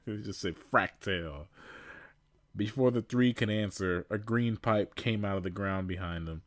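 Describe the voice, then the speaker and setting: Lower-voiced man reading fan fiction. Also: moderate pace, no room sound, clean studio sound. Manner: amused, laughing asides. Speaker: podcast host.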